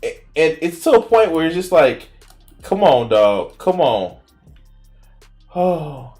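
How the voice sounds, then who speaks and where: A man's voice: on the high side, big pitch swings, takes it slowly, a little mellow, soft background music. A man streaming and reacting to a video in casual, profane, incredulous commentary.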